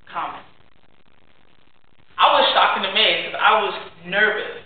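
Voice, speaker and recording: A young woman giving an earnest, heartfelt personal speech to a class, often trailing off softly. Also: mid-range voice. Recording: very echoey, distant, tinny and lo-fi.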